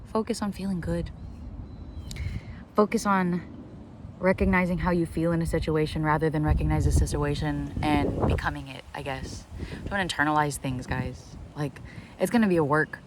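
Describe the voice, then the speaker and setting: A woman with a slightly low voice rambles excitedly in a casual vlog, dropping "like" into nearly every sentence and swearing freely. She is recorded outdoors in the sun, with faint traffic noise behind her. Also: moderate pace. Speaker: vlogger. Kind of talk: casual self-talk vlog.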